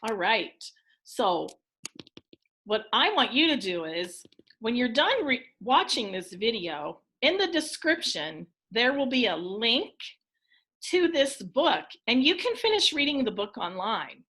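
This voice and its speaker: Slow, bright-voiced woman teacher. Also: fairly high pitch, sing-song. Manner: slow, encouraging, clearly enunciated. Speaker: elementary school teacher. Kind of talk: recorded phonics lesson for children.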